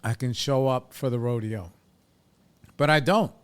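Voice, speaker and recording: A man's voice: mid-range voice, measured pace, clean tone. A man in his forties talking candidly on a podcast, reflective and blunt, swearing freely as he works through his thoughts. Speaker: podcast host in recovery. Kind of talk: candid casual talk.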